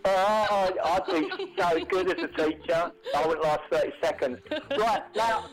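A man hosts a radio segment from a studio, chatting loosely and telling odd stories. He slips in deadpan, made-up asides. His voice sits somewhat high for a man. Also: measured pace, over music, poor audio. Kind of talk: casual radio banter.

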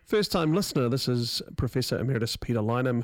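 A man hosts a radio show in a casual, chatty way, rambling a little and poking fun at himself. His voice sits at a middle pitch and sounds close and dry at the studio microphone. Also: animated, quick pace, hardly any pauses, dry recording. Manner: chatty, self-deprecating, rambling. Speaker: radio host.

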